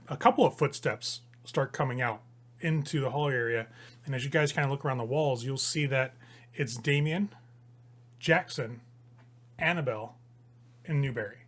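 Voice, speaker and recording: A man narrating as the game master of a tabletop role-playing game, in a lively, animated way. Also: medium pitch.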